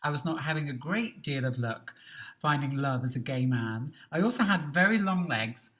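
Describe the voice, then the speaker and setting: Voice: medium pitch, animated, normal speed, fairly bright tone. A panel host opening a festival, introducing guests in an effusive, playful way. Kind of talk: live on-stage panel conversation.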